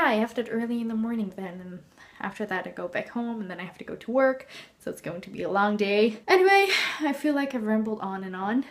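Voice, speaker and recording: A young woman from the Netherlands with a Dutch accent, chatting casually in her home vlog. She rambles along with lots of fillers and laughs, filming herself in her bedroom on a handheld camera. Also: medium pitch. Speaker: vlogger.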